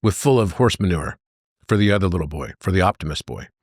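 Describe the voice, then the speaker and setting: Guy on a podcast, lowish voice, dry close mic, tells stories with lots of energy. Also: fast, no echo. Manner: animated storyteller, jumping into high voices for characters. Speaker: podcast guest. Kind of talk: conversational storytelling.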